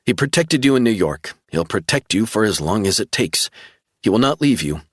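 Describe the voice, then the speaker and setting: A man voicing a calm, reassuring woman in an audiobook, speaking in steady promises. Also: lowish voice, moderate pace, no room sound, clean studio sound.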